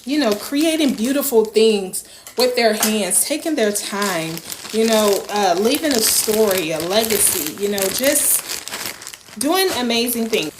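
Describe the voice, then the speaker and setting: Woman vlogger, unboxing chat, slow unhurried talk, fairly high voice, echoey room, faint background hiss. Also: animated. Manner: gushing, repeats herself, drops into soft whispers. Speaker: small business owner and vlogger. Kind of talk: casual unboxing vlog. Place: room at home.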